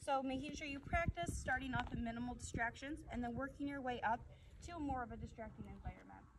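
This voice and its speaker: Woman dog trainer, high voice, calm soft commands, off-mic, loud background noise. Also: fast talker, distant mic. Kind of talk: outdoor training demonstration.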